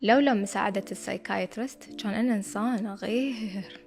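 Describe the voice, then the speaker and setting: A woman's voice: mid-range voice, fairly even intonation, racing, gravelly. A young woman, talking in a firm, self-assured and emphatic way about her own life. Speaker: interviewee in a played clip. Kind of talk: reflective personal talk, mixing Arabic and English. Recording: background music under the clip.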